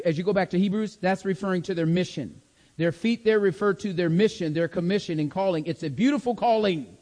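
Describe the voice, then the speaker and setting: A man's voice: high voice, a little mellow. A man teaching a Bible study class, checking in often with his listeners and repeating key words for emphasis. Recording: long hall reverb.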